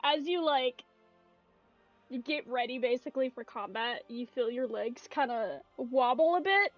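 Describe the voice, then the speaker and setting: A woman's voice: high-pitched, lively intonation, a little slow, lo-fi sound, soft background music. A woman game master narrating a tabletop game in a casual, giggly way.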